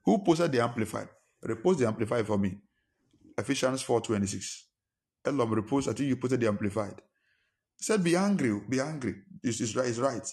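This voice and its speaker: A man's voice: medium pitch, fairly quick, gravelly, darkish tone. A male pastor delivers a sermon in a mid-range voice. He preaches emphatically and fires one rhetorical question after another. He acts out quarrels in a raised voice. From Nigeria.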